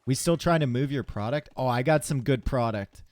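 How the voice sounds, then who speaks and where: A man casting a live strategy game tournament, chatty and relaxed, chatting with viewers between plays from a home stream setup. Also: mid-range voice, moderate pace, no echo. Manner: casual, chatty, talks to chat between plays. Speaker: tournament caster. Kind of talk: live esports commentary.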